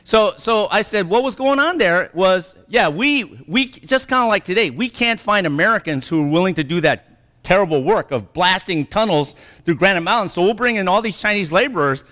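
High, expressive, pushed, and bright, the middle-aged man's voice moves at a moderate pace. As the presenter of an anecdotal, lecture-style talk, he laughs while telling stories and keeps checking in with "okay?" and "right?" The recording has a reverberant hall sound.

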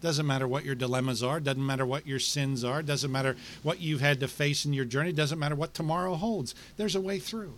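A middle-aged male pastor delivering a sermon, with rhythmic repetition and dramatic pauses. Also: a little high, steady tone, a bit bright, a little hiss or hum.

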